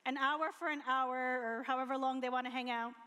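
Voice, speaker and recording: High voiced woman explaining stuff, laughs a lot, big echo. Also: steady tone, a little fast, pushed and bright, smooth. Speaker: co-host. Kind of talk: casual chat. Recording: long hall reverb.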